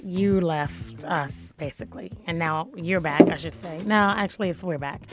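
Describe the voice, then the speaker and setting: A woman's voice: on the low side, normal speed, loud music behind the voice. A woman hosting a casual radio interview from a studio, talking in a playful, teasing way and laughing often. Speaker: radio host.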